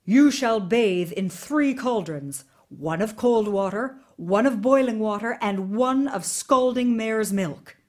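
Woman reader does old cruel Tsar, slow booming orders, storybook. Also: a little mellow. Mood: commanding.

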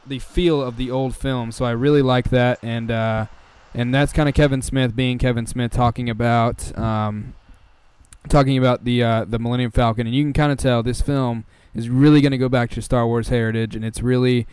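A man's voice: medium pitch, fairly even intonation, normal speed, a little mellow, smooth. A man hosting a casual podcast, talking hesitantly with lots of fillers and hedges. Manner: hesitant, full of fillers and hedging. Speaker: podcast host.

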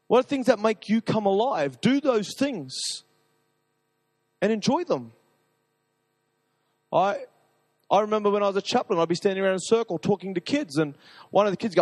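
A man preaching a sermon to a live audience, talking in an energetic, rambling, enthusiastic way. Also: sits high, moderate pace, long pauses, big-room sound.

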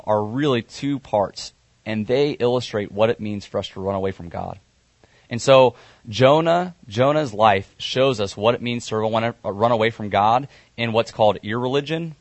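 A man's voice: mid-range voice, no echo. A male pastor preaching a sermon, retelling a scripture story conversationally with some fillers.

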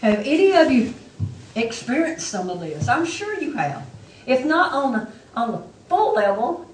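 A woman's voice: high voice, big pitch swings, measured pace, a little hiss or hum. A woman preaching a testimony sermon to her church with an emphatic, repetitive delivery. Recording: echoey room, mic far off.

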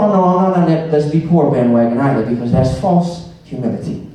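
A man's voice: a little high, lively intonation, fairly quick, distant mic. Dramatic male preacher in an echoey hall. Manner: dramatic, acts out dialogues, swings from soft to shouting. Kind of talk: sermon.

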